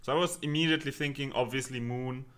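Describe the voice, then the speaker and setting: A man hosting a reaction video, commenting with quick exclamations and laughs. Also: medium pitch, fairly even intonation, a bit bright, smooth.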